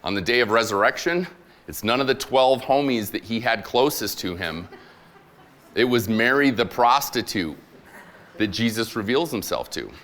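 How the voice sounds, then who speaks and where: A man's voice: medium pitch, expressive, moderate pace, a bit bright. A man, a military chaplain, preaching as a guest speaker and retelling scripture in a casual, playful way with slang. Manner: acts out quoted voices in conversational paraphrase. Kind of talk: sermon.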